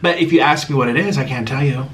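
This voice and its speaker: A young YouTuber hosts a casual vlog Q and A, talking straight to camera and swinging dramatically between exasperation and mockery. His voice is medium-pitched and quick.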